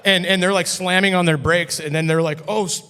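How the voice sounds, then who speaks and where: This podcast guest has a high, bright, forceful yet smooth voice, fairly even in intonation and moderate in pace. Loose and cursing, he leans heavily on "like" while telling a casual story in a brewery taproom with long hall reverb.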